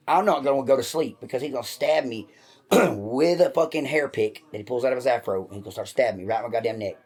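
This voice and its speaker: Man, comedy podcast co-host, rambling, profane, storytelling, mid-pitched voice. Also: fast, a little mellow. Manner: rambling, profane, acts out voices in his stories.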